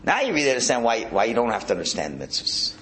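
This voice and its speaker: A man teaching a Hasidic Torah class, animated and prone to repeating words and restarting his phrases. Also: mid-range voice, fast talker, a little hiss or hum. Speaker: religious teacher.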